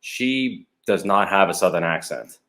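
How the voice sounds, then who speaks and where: A young man from Canada chats as a podcast guest, his voice sitting fairly low. He tells stories loosely and often breaks into laughter along the way. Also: lively intonation, a little slow, fairly bright tone. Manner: chatty storyteller, laughs often. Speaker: guest, hockey goalie. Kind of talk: casual podcast chat.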